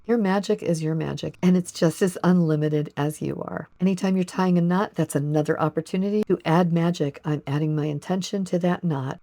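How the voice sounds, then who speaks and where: A woman's voice: fairly low pitch, dark tone. A woman hosting a home craft lesson, talking in a friendly, chatty way and laughing easily as she explains each step. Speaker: witchcraft craft teacher. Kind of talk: casual how-to narration.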